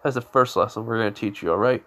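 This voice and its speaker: A man's voice: fairly low pitch, quick pace, sharp tone. A man voicing a blunt young male alchemist who mentors a boy in a fan story, calling him kid. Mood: matter-of-fact.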